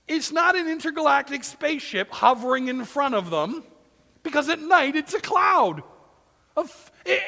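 A male pastor preaching with a high, gravelly voice that carries a long reverb from a church hall. He swings between strong emphasis and soft, nearly whispered lines, and slips into complaining voices to act out scenes. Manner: dynamic, shifting from loud emphasis to hushed near-whispers. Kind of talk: sermon.

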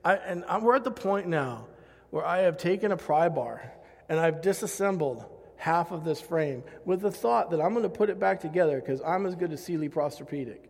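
A man's voice: on the high side, expressive, brisk, creaky, slightly rough. A man preaching a sermon and telling a self-mocking personal story, laughing often. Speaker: pastor. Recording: long hall reverb.

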